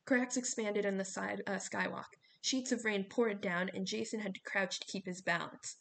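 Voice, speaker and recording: A woman reading a novel aloud, steady storytelling with small slips. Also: medium pitch, normal speed, gravelly. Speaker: audiobook reader.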